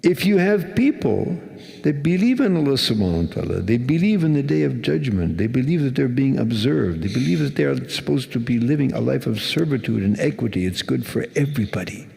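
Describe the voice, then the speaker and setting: A man's voice: medium pitch, big pitch swings, fairly quick, gravelly, dark tone. A male Islamic preacher giving a sermon in a conversational way, asking his listeners questions. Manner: conversational, asks the audience questions. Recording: long hall reverb.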